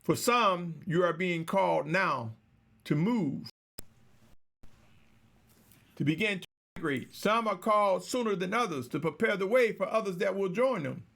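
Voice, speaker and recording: A man delivering a slow, measured, exhorting sermon, repeatedly addressing his listeners as brothers and sisters. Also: high-pitched, creaky, a bit bright. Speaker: preacher.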